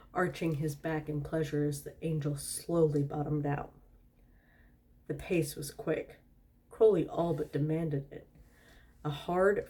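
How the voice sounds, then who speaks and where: A woman's voice: sits low, a little mellow. A tipsy woman doing a storytime reading, giggling and breaking off with asides and laughter.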